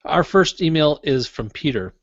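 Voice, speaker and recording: A man's voice: a little high, lively intonation, normal speed, no room sound. Joking man co-hosting a tech podcast. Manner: easygoing, joking, muddles through reading aloud. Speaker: podcast co-host. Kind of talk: casual podcast chat, reading listener email. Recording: dull lo-fi dry podcast audio.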